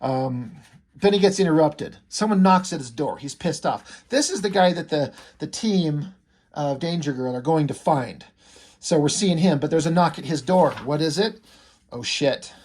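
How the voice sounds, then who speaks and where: A man's voice: fairly high pitch, expressive, normal speed, a little mellow. A man talking casually and with enthusiasm as he reviews a comic, rambling a little and using lots of fillers.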